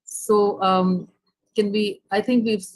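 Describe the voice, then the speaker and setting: A woman with an Indian English accent giving an online lecture over a video call, pausing often with fillers and restarting phrases. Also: medium pitch, flat delivery, a little mellow, no echo, low-quality recording. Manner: hesitant, many fillers and restarts.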